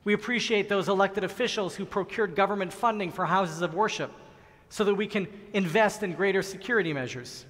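A middle-aged man giving an earnest, measured sermon as a rabbi, with slow, emphatic pauses. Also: high-pitched, fairly bright tone. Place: large synagogue sanctuary. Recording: long reverb of a large hall.

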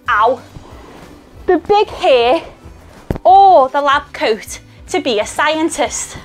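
High-voiced Scouse woman explaining science. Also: animated, slow pace, soft background music. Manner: cheerful, clear explaining to young kids. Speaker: scientist presenting a kids' science video. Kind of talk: educational talk to children.

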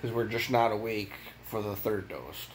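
A man's voice: fairly low pitch, moderate pace, slight background noise, rough recording. A tired young man and father talking casually in a home vlog, weary and frustrated, often repeating words as he speaks. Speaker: vlogger, father.

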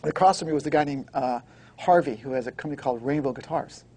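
A man being interviewed, telling a story in an animated way and acting out the dialogue. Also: mid-range voice. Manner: fast, excitable, acts out the dialogue. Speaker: guest recording engineer.

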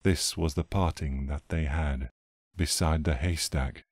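Deep slow-spoken man reading poetry. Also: steady tone, a little mellow, dry recording, clean studio sound. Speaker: reader.

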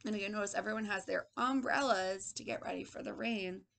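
A woman's voice: medium pitch, steady tone, brisk, vocal fry, fairly bright tone, slight background noise. A woman teaching a circle-time lesson to young children, prompting them in a patient, sing-song way, recorded on a laptop microphone indoors. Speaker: preschool teacher. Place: indoor room with a table.

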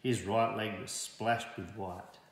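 A man's voice: lowish voice, steady tone, slow pace. Man reading a kids' story, echoey room. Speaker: storybook reader. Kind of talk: children's story read-aloud.

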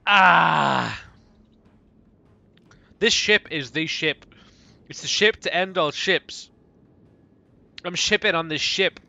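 A young man streaming a game with loud outbursts, swearing and snatches of sung pop songs. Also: a little high, measured pace, long pauses, no room sound, muffled recording. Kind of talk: casual gaming livestream chatter.

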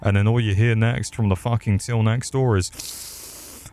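A man's voice: fairly low pitch, fairly even intonation, moderate pace, darkish tone, smooth. A man giving crude, rambling comedic commentary while he plays a video game. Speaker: gaming streamer. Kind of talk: profane comedic gameplay commentary.

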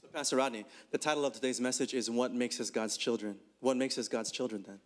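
A man pastor in a church, talking reflectively in a conversational sermon dialogue, with a few halting restarts. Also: mid-range voice, fairly even intonation.

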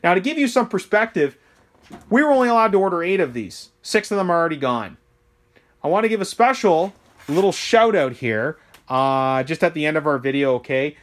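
A man's voice: on the high side, animated, a little fast. A man, a hobby shop owner, rambling through a casual, self-deprecating product review and often checking in with the listener. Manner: rambling, chatty, self-deprecating, keeps asking okay?.

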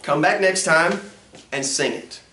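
A man, a pastor teaching a music ministry class in an animated lecture that swoops up and down in pitch. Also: a little slow. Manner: acts out sounds and quotes with big pitch jumps. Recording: roomy echo.

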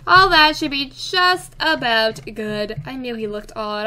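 Brief: high, bright woman narrating her gameplay, playful and chatty. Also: measured pace, hardly any pauses, slight background noise. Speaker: let's play gamer. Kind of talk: casual gameplay commentary.

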